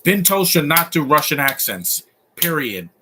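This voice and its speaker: A man's voice: a little high, very animated, unhurried, sharp tone, slight background noise. A man in his thirties giving live movie commentary, opinionated and rambling, often restarting his sentences.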